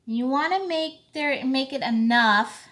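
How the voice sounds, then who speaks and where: A woman's voice: sits high, a bit bright. A woman hosting a card-making tutorial, talking casually and thinking aloud as she works. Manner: slow, chatty, thinking aloud while working. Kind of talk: casual craft tutorial talk.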